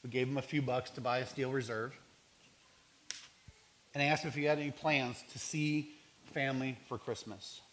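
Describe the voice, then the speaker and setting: A man's voice: mid-range voice, fairly even intonation, normal speed, pauses often, a bit bright, slight background noise. An earnest man recounting stories from his outreach work, reflective and sincere as he talks. His voice sits in an ordinary middle range, and he sometimes stops and restarts a phrase. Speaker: homeless outreach worker. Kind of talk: storytelling talk.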